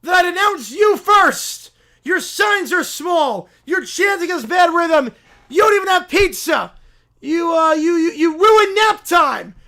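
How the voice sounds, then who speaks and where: A man playing a shrill, ranting pizza-cult preacher. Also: sing-song, a little slow, pushed and bright, exaggerated voice. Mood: ranting outrage. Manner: shrieking, indignant, ranting.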